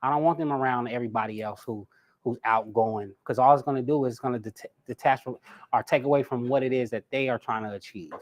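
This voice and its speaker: A man teaching a live personality class in a lively way, talking straight to his audience. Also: medium pitch, fast. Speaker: personality coach.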